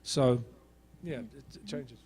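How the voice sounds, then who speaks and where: A man's voice: medium pitch, slow pace, breathy edge. A middle-aged man, an actor on a convention panel, telling stories and acting out quoted dialogue. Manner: animated storyteller who acts out quoted dialogue.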